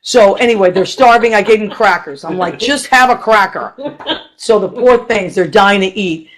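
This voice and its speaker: A middle-aged woman from Boston hosting a radio talk show, chatty and excitable, laughing often. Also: medium pitch, normal speed, crowd noise, low-quality recording. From Boston, Massachusetts. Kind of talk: casual chat.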